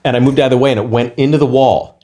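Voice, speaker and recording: A man's voice: medium pitch, fairly even intonation, racing, dark tone. A man who is a comedian, telling a heated, profane anecdote in a casual podcast chat.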